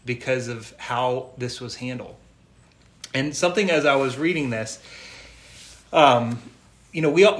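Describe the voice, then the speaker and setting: Male preacher, mid pitch, reads scripture then chats it through; echoey room. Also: fairly bright tone. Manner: reads scripture aloud, then explains it in plain chatty asides. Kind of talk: Bible study sermon.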